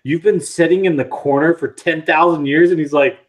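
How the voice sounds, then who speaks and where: A man co-hosting a casual live chat, excitable and rambling as he retells scenes. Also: fairly high pitch, fairly quick, lo-fi sound. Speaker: podcast co-host.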